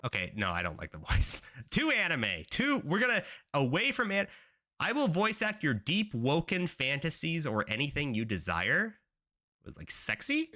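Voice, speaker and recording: A man's voice: a little high, wildly swooping pitch, moderate pace, sharp tone. A man streaming as a game developer, chatting casually and rambling with lots of fillers. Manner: rambling, filler-heavy talk. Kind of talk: casual live-stream chat.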